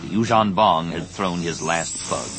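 A man reading an audiobook as narrator, with a measured, dramatic delivery. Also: low-pitched. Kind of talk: scripted narration. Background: background music score.

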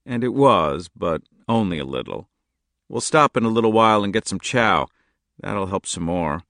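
A man's voice: fairly low pitch, expressive, moderate pace, a bit bright, dry recording, clean studio sound. A man voicing a shaken father who comforts his daughter in an audiobook. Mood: weary. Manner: soothing, strained. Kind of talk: audiobook character voice.

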